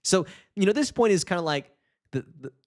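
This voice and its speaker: Lively fast-talking man teaching. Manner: lively, restarts words often, swings pitch for emphasis. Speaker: English teacher. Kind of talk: podcast lesson on public speaking.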